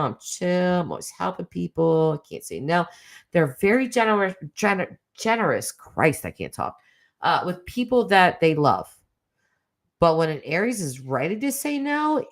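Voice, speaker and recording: This is a middle-aged woman hosting a relaxed livestream chat, reading comments aloud and answering them. Her voice sits low but moves a great deal, rising and falling as she teases her viewers. She laughs easily and drifts into quick asides. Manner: chatty, teasing, laughs often, quick asides. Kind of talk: casual chat.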